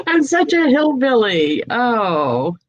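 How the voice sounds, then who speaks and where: A woman's voice: a little high, very animated, drawn-out words, no room sound, highs cut off. A woman from New England hosting a casual video chat, telling anecdotes and laughing often. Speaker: host.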